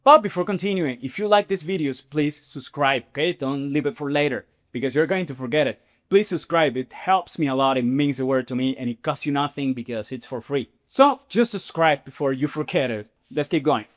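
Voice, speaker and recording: A man teaching in an online lesson, lively and repetitive, checking in with "okay?" and "right?" after most points. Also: a little high, a little fast, few pauses. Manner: animated, repeats "okay?" and "right?" often. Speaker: Spanish teacher.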